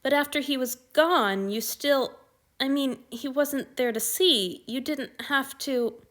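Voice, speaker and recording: A woman's voice: high voice, slow, fairly bright tone, voice pushed up. A woman voicing an anxious young man who is crying, stammering and breaking off mid-sentence in an audiobook reading of fan fiction.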